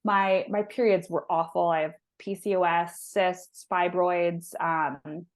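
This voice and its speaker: A woman in her thirties with a fairly low voice tells her story as a podcast guest. She talks in a chatty, heartfelt way, full of "like" and restarts. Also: fairly even intonation, takes it slowly. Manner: chatty, lots of "like" and restarts, emotional. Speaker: guest, holistic health practitioner. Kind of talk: casual interview storytelling.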